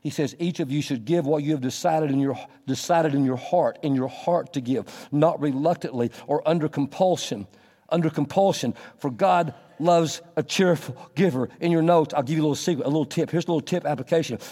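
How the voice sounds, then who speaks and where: A man preaching a sermon as pastor, animated, acting out little scenes in a raised voice. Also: on the high side, fairly quick, big-room sound.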